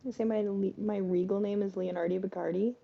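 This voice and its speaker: Woman live-stream host, husky and mellow, chatty and coaxing, slightly muffled stream audio. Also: mid-range voice, fairly even intonation, a little fast. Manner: chatty, coaxing talk to her pets. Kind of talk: casual live-stream chat with play-by-play.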